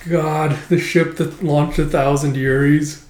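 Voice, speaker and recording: A man with a fairly high voice rambles through a casual manga chapter recap, leaning on "like" and "uh" between thoughts. His voice rings with echo from a roomy space. He sounds loose and unscripted. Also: darkish tone. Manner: rambling, heavy use of "like" and "uh" fillers.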